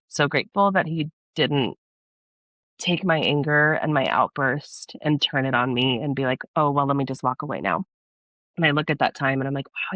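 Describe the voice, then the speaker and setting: A young woman from Texas, a podcast guest, earnestly telling a personal story in a casual interview, animated and laughing often. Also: rumbling low, dry recording, muffled recording.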